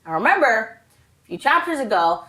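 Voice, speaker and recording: A woman's voice: on the high side, sing-song, moderate pace, fairly bright tone. Bubbly woman teaching a kids' Bible lesson. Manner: bubbly, chatty, playful asides. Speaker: children's ministry teacher. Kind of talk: retelling a Bible story to kids.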